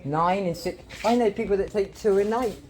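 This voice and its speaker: A man's voice: high voice, normal speed, darkish tone. Argumentative man on noisy audio. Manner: argumentative, swearing, pleading. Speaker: patient. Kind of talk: heated real-life conversation. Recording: noisy handheld audio log.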